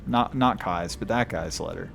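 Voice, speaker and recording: A man's voice: low-pitched, normal speed, vocal fry, a bit bright, faint music behind. A man streaming a video game, reading lore aloud in a casual way, stumbling over odd names and chuckling.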